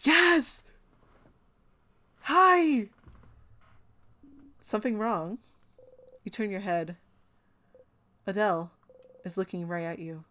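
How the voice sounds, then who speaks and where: A woman's voice: fairly low pitch, fairly even intonation, measured pace, pauses often. A woman streaming a story game, reading its dialogue and narration aloud expressively and reacting with her own comments. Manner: reads dialogue expressively, reacting between lines.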